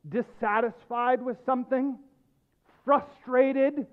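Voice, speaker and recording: A male pastor preaching a sermon, emphatic, dropping low and quiet and then rising with loud stress. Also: fairly even intonation, slow. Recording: tinny phone-like lo-fi sound.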